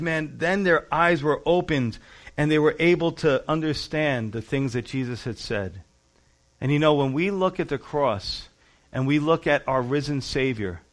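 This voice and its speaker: A man's voice: on the high side, fairly bright tone. A man preaching a sermon as pastor, reading scripture and explaining it in an earnest, conversational way, stressing key words.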